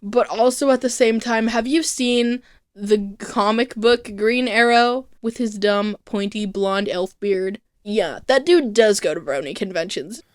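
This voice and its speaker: A woman's voice: medium pitch, measured pace. A woman narrating a show recap in a casual, breezy way, with profanity and jokey asides. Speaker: video recap host.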